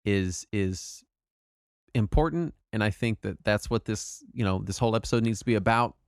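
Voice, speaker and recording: A man's voice: lowish voice, moderate pace, dry recording, studio quality. A man co-hosting a casual podcast, talking animatedly and emphatically, often restarting his sentences and swearing for emphasis. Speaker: podcast co-host.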